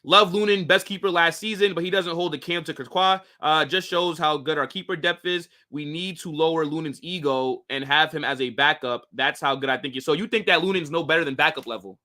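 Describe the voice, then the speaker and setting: A man's voice: a little high, fairly quick, hardly any pauses, bright, forceful tone. A young American man hosting a casual football live stream, reading viewer comments and answering in slangy talk full of "bro" and "like". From United States. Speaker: football channel host.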